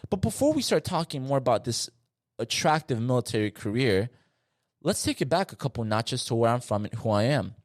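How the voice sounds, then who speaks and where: A young man from South Florida hosting a solo podcast, talking in an animated, slangy and emphatic way with frequent asides. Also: mid-range voice, fairly quick, no echo, clean studio sound. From South Florida, USA. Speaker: podcast host.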